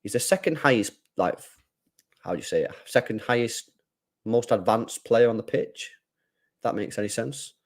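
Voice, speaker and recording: A young streamer does a football watchalong, reacting live in slangy commentary at a normal speed. He swings between low mumbles and loud, sweary outbursts.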